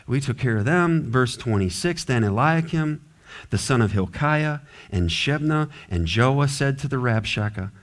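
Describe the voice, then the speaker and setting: A man pastor preaching an expository sermon, animated and acting out characters with varied voices. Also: medium pitch, normal speed. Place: church sanctuary.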